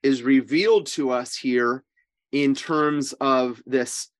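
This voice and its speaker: Man, priest, informal bible study, emphatic, checks in with listeners, corrects himself mid-sentence, mid-pitched voice. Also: takes it slowly. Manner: emphatic, often checks in with "right?" and "okay?". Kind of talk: informal scripture teaching.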